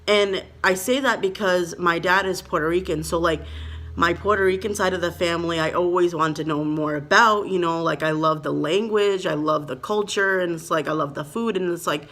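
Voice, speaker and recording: A young woman from Minnesota tells a personal story straight to her viewers in a casual vlog. Her voice sits a little low. She rambles, leans on "like" and "you know," and speaks with open, heartfelt emotion. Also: normal speed, fairly bright tone. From Minnesota, USA. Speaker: vlogger.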